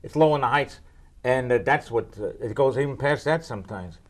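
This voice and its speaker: A man's voice: medium pitch, a little fast. An older man answering weather questions in a joking, rambling way, full of puns and asides. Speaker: weather expert guest.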